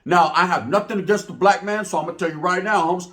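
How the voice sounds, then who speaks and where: A man with a high voice gives his take straight to camera as a YouTuber. He talks in an animated, slangy way and keeps dropping rhetorical asides. It is casual opinion commentary, like a vlog. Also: quick pace. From Northern California.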